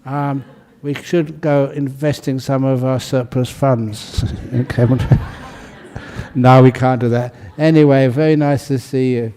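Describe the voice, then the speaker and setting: A Buddhist monk leading a ceremony, calling out names in a casual, joking way and laughing between them. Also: male voice, medium pitch, fairly even intonation, unhurried, warm tone. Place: large hall.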